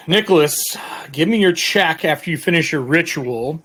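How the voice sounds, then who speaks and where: A man's voice: fairly high pitch, moderate pace, a bit bright, husky. A man running a tabletop game as game master, describing scenes in a loose, rambling way. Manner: descriptive, loose, with fillers and restarts.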